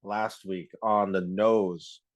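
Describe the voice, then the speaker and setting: A man's voice: lowish voice, flat delivery, takes it slowly. Teasing male podcast host. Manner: teasing, joking. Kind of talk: casual chat.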